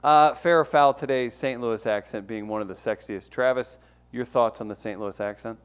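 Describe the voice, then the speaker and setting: A man's voice: mid-range voice, moderate pace, clear, resonant tone. A man hosting a comedy show segment, introducing topics in a rambling, playful way. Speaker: host.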